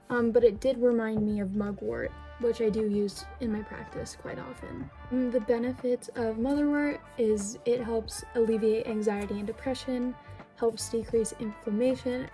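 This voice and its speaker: A young woman talks casually to her camera at home, gushing over each gift and scattering fillers and sorries as she goes. Her voice sits a little high with a mellow, warm tone. Soft background music plays faintly behind her. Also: poor audio. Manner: gushing, chatty, many fillers and apologies. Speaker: vlogger. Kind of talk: casual vlog unboxing. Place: indoors at home.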